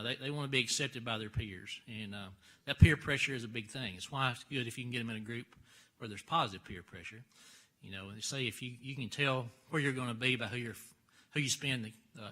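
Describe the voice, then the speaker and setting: Bright-toned man, folksy, halting Bible class teacher. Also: mid-range voice. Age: older. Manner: folksy, halting, many fillers and restarts.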